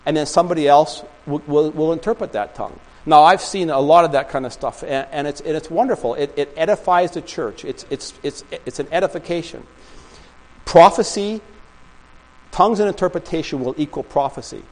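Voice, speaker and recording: A man's voice: a little high, fast talker, hardly any pauses, poor audio. A man preaching a sermon in a small church, telling stories and rambling with many restarts. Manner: rambling storytelling with frequent restarts. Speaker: pastor.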